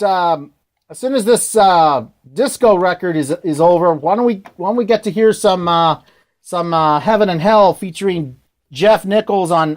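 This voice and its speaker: A man hosting a radio show, talking casually in a rambling, hesitant way and often correcting himself. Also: high voice.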